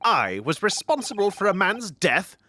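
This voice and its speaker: A man's voice: high voice, very animated, moderate pace, bright, forceful tone, slight background noise, exaggerated voice. A man reading aloud as a pompous, eccentric male professor who talks in grand, over-formal phrases. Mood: indignant. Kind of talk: reading game dialogue aloud.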